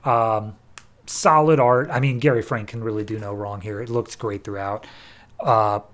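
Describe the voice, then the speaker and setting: A man's voice: on the low side, moderate pace. Chatty man reviewing comics. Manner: relaxed, chatty, frequent fillers. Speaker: podcast host reviewing comics. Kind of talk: casual comic book review.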